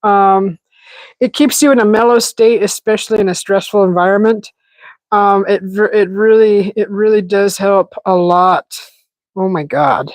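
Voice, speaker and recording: A woman's voice: medium pitch, steady tone, a little slow, a little mellow, no room sound, poor audio. A woman hosting a casual livestream, chatting to viewers in a loose, giggly way with lots of restarts. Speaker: livestream host. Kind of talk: casual live chat with viewers. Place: outdoors in a desert yard.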